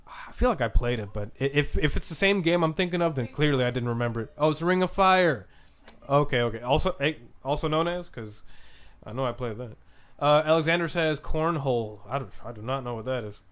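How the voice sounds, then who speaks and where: A relaxed man hosts a podcast livestream and chats with viewers at an ordinary, middle pitch. He rambles loosely, restarts his sentences often and swears casually as he answers chat questions. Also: fairly quick. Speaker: podcast host reading live chat.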